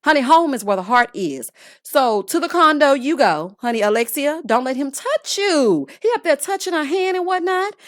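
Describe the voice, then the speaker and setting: A woman's voice: high voice, sing-song, normal speed, dry recording, studio quality. A woman vlogger giving a sassy, exasperated recap of a reality show, talking casually to her viewers. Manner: sassy, exasperated, calls viewers honey and child.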